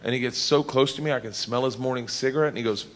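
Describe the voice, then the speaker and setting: Animated man telling a stand-up story. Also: medium pitch, fast talker. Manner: animated, laughing through punchlines. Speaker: stand-up comedian. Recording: roomy live club, audience noise.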